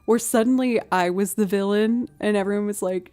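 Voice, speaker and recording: Woman musician on a home stream; casual, animated storyteller who laughs easily, goes soft and cooing with her pet. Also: medium pitch, brisk, hardly any pauses, soft background music. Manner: animated, laughing often while telling stories. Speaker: musician livestreamer.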